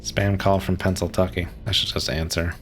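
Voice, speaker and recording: A man's voice: sits low, flat delivery, moderate pace, fairly bright tone, slight background noise. A young man streaming a game, musing aloud in a rambling, casual way with frequent "like"s and short laughs. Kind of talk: casual gameplay commentary.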